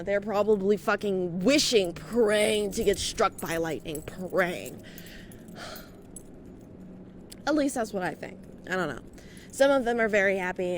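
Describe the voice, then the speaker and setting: On a nighttime walk outdoors, a young woman vlogs a loose personal monologue, cursing freely and a little breathless. She's a vlogger and podcaster whose voice sits on the high side, with slight background noise.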